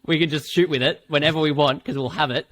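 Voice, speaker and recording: An Australian man hosting a casual podcast chat, rambling and animated with lots of fillers and swearing. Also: fairly high pitch, quick pace. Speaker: filmmaker and podcast host.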